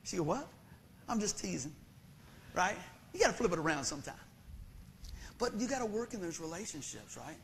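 A man's voice: sits high, big pitch swings, quick pace, gravelly, pauses often, fairly bright tone, a little hiss or hum. A middle-aged preacher man, preaching a sermon in a folksy, conversational storytelling way.

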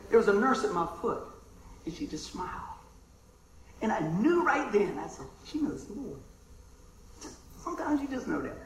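Animated pastor preaching a story. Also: male voice, very high-pitched, roomy sound, a little hiss or hum, poor audio. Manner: animated, conversational preaching with dramatic drops to a hush. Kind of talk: sermon storytelling.

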